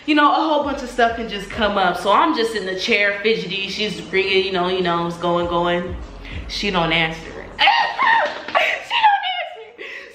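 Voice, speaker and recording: Young woman, casual storytime vlog, bright tone, animated, acts out voices, echoey room. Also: mid-range voice, a little hiss or hum. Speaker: vlogger.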